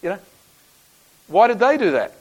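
A man's voice: sits high, big pitch swings, moderate pace, darkish tone, husky, lo-fi sound. An Australian man preaching a sermon, telling a personal story in a conversational, folksy way with frequent restarts.

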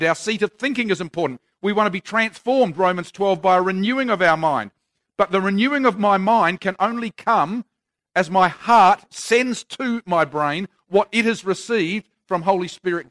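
A man's voice: high voice, fairly bright tone, no echo. A man preaching a sermon in an earnest, conversational way with touches of self-deprecating humour.

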